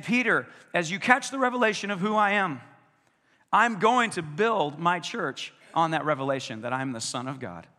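High, bright-voiced preacher in a reverberant hall. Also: male voice. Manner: conversational, animated, asks the congregation questions. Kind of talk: sermon.

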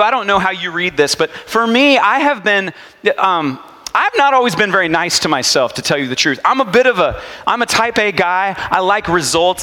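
Animated male preacher, bright and lively. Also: high-pitched, in a large hall. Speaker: pastor. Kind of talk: sermon.

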